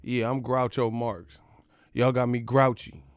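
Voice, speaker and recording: Man, channel host, casual comedic rant, profane, rambling, mid-pitched voice, dry close sound. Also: flat delivery, unhurried, clear, resonant tone, no echo. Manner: profane, joking, rambling with laughs.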